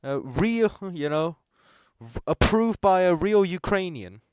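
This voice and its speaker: A man's voice: sits high, a little slow, clear, resonant tone, no echo, studio quality. Casual man hosting a football watchalong. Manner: casual, rambling, bursts into excited shouts at chances. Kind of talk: live match commentary chat.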